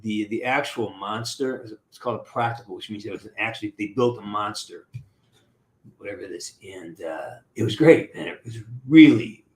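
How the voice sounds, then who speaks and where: A man's voice: on the low side, normal speed, a little mellow. A man hosting a casual live stream, greeting viewers by name and chatting in an upbeat, rambling way.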